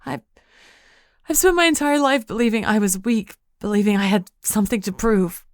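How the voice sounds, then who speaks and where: A woman's voice: mid-range voice, animated, normal speed, no echo, clean studio sound, pitched above the performer's own voice, lightly acted. A woman voicing a distraught young witch heroine, tearful and pleading, her voice breaking.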